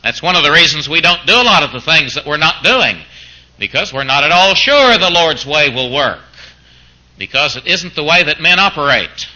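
A man's voice: fairly high pitch, lively intonation, moderate pace, sharp tone, low-quality recording. A man preaching a sermon who keeps throwing out mock-incredulous rhetorical questions, as if arguing back in the voice of a doubter.

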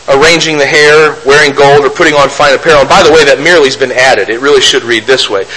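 A man's voice: mid-range voice, steady tone, quick pace, few pauses, sharp tone, rough recording. A man preaching a sermon, reading scripture aloud and then explaining it with rhetorical questions. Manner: mocks opponents' arguments in a raised voice.

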